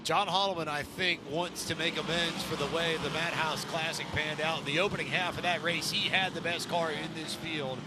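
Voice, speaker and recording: A man's voice: a little high, steady tone, normal speed, hardly any pauses, heavy background noise. A man giving color commentary at a stock car race, easygoing and analytical. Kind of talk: live racing commentary.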